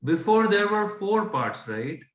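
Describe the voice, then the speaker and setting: In an echoey room, a patient Indian tutor teaches fractions in Indian English mixed with Hindi, regularly checking that his student keeps up. He has a high, very animated voice and speaks at a measured pace.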